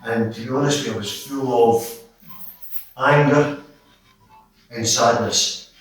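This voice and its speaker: A man's voice: mid-range voice, unhurried, faint music behind. A middle-aged man with a Scottish accent, speaking passionately at a public meeting, rambling and restarting as he tells his story. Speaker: audience member at a public meeting. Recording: echoey hall, distant mic.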